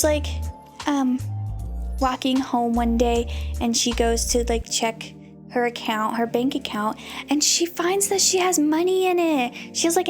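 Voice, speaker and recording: A bubbly woman streamer who gives a chatty, giggly recap of a story she loves, her voice sitting high. Faint music runs quietly behind her. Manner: bubbly and chatty, full of "you know" and giggles. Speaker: VTuber host. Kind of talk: casual anime recap.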